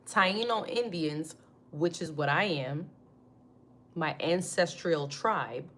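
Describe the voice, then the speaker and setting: A young woman ranting casually to her viewers, brash and swearing freely, with sudden loud outbursts. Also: sits low, takes it slowly, a little hiss or hum. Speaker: vlogger. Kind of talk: casual rant to camera.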